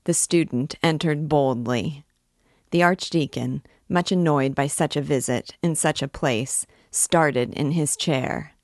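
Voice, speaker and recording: A woman reading a classic novel aloud with steady, expressive delivery. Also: sits low, slow pace, no room sound, studio quality. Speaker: reader.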